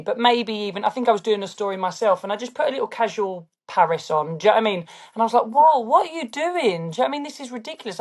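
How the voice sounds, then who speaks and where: In a mid-range, slightly mellow voice, a woman from London with a local accent chats casually as an interview guest. The fashion brand founder often checks in with "do you know what I mean".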